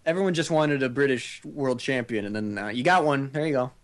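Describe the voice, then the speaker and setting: A podcast co-host in casual chat, reacting with quick, incredulous questions. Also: medium pitch.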